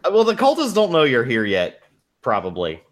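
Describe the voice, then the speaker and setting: A man's voice: mid-range voice, fairly quick. A man running a tabletop game as game master, chatting casually and joking at his own expense. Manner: animated, joking, self-mocking.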